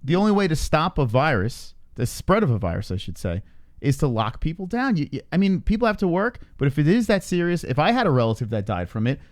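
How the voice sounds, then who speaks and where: A man's voice: a little high, sing-song, fast talker, no echo, studio quality. A man hosting a casual live stream, joking around and swearing, chatting with his co-host.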